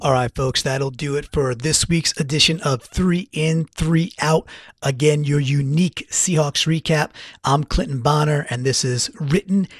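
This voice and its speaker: A man talking fast and with feeling through a solo sports recap, stacking up repeated phrases for emphasis. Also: fairly high pitch, faint music behind. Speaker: podcast contributor.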